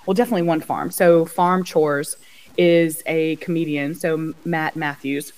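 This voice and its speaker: Lower-pitched woman co-host, gushing, casual chat. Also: fairly even intonation, measured pace, a little mellow, low-quality recording. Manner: enthusiastic, gushing recommendations. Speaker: podcast co-host.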